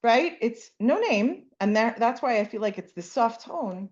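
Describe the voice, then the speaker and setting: A woman and mother of young kids teaching a lively Torah class, often asking "right?" and acting out the lines she quotes. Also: on the high side, a little slow, highs cut off. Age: adult parent with young kids. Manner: animated, keeps asking "right?", acts out quotes. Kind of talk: lively Bible class lecture.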